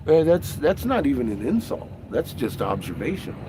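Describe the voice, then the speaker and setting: A man's voice: medium pitch, very animated, normal speed, background noise. A man hosting a casual livestream, ranting in a profane, rambling way and laughing often. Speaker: livestream host.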